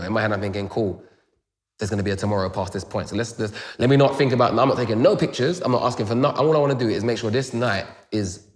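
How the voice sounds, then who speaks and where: A young man with a London accent, telling a story in a casual interview with rapid, animated retelling full of "boom" and "da da" fillers. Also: in a large hall. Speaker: grime MC, interview guest.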